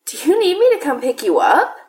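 A woman's voice: high-pitched, very animated, brisk, darkish tone, pitched above the performer's own voice, rough recording. A woman voicing a patient young man who speaks dryly and firmly on the phone. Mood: worried. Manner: dry, firm, worried.

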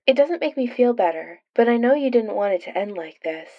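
A woman voicing a soft, wistful ex-wife. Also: a little high, animated, fairly quick, highs cut off. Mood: sad wistful. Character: soft-spoken sad young woman, ex-wife.

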